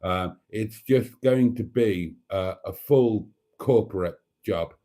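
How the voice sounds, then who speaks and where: Mellow-voiced man hosting a livestream. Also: fairly low pitch, slow. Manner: chatty, affectionate, reads viewer comments aloud. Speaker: livestream host. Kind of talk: casual livestream chat.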